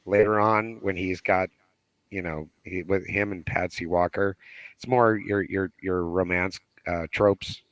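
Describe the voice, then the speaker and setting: A man with a cold, talking hoarsely as a guest on a podcast call, chatty, laughing and restarting often. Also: low voice, fairly even intonation, measured pace, dry recording, low-quality recording. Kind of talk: casual chat. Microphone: video call.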